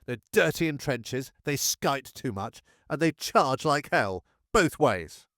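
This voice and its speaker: A man's voice: medium pitch, animated, slow, fairly bright tone, no room sound, clean studio sound, voice pushed up. A man voicing a blunt army adjutant in a wartime memoir reading, mocking and scornful.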